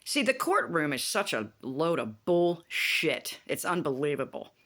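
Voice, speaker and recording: A woman vlogging in a casual, indignant rant, animated and swearing freely as she retells a TV plot. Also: deep voice, a little slow. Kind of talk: casual rant about a TV show.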